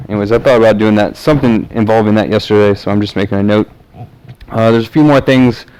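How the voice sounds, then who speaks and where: A man's voice: on the low side, steady tone, quick pace, a little mellow, clean tone, low-quality recording. A man from the American South talking to camera in a rambling, casual monologue full of fillers and restarts. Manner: meandering, many fillers and restarts. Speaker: vlogger.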